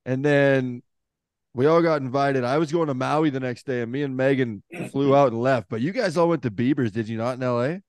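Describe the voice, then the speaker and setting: A man's voice: mid-range voice, fairly quick, darkish tone, no echo, studio quality. A man hosting a podcast, chatting casually, laughing often and swearing as he prompts his guest for stories. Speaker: podcast host. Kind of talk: casual chat.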